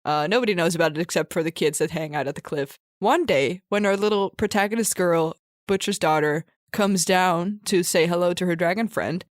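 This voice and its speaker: A woman's voice: on the low side, brisk, hardly any pauses, no room sound, studio quality. A woman co-hosting a podcast, improvising a story in a chatty, rambling way with frequent laughs. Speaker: podcast co-host.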